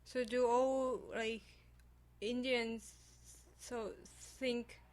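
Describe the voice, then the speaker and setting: A woman in a casual podcast chat, speaking in a fairly high register. She keeps asking short, simple questions in non-native English. She sounds curious. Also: level tone, very slow, darkish tone. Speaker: podcast co-host.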